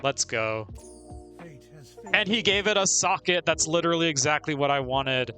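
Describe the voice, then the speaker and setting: A man's voice: on the high side, normal speed, pushed and bright, soft background music. A man streaming a video game live, chatting casually, narrating his moves and laughing often. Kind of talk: casual live gameplay commentary.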